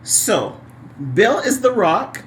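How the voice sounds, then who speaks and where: A woman co-hosting a podcast, chatting casually and teasing her co-host with quick reactions. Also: fairly high pitch, slight background noise. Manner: lively, quick to tease and react. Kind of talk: casual chat.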